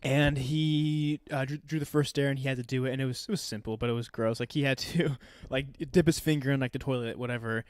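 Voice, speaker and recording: This man is in his twenties, a youth leader who co-hosts a podcast, and he tells a meandering story in relaxed conversation, saying "like" constantly and chuckling throughout. He speaks fairly quickly in a mid-range, fairly even voice with hardly any pauses, and the recording is clean and dry.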